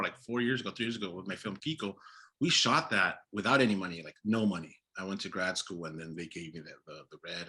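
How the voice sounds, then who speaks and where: A man's voice: on the low side, bright, forceful tone, slightly rough. A man, a filmmaker guest, chatting casually and animatedly in an interview, laughing and acting out his own past thoughts. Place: Los Angeles area.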